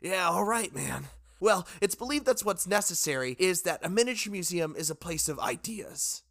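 A man's voice: high-pitched, lively intonation, moderate pace, gravelly, a bit bright, no echo, studio quality, pitched above the performer's own voice, heavily acted. An actor playing a brash male company boss, emceeing in a hyped, stagey announcing voice.

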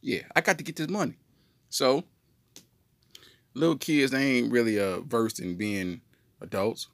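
A man telling a comedic story on a podcast in an animated, slangy way. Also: mid-range voice, a little slow, gravelly, no echo. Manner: animated, slangy, jumps into voices. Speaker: podcast co-host.

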